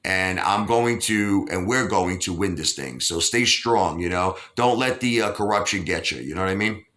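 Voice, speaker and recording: A man's voice: low-pitched, moderate pace, a bit bright. A man from Brooklyn, hosting a casual interview and rambling with lots of "you know". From Brooklyn, New York. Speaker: host.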